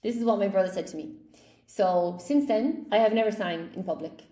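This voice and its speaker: A woman's voice: mid-range voice, brisk, warm tone, echoey room. A woman teaching a live online English class, cheerfully praising students by name as she goes through quiz answers.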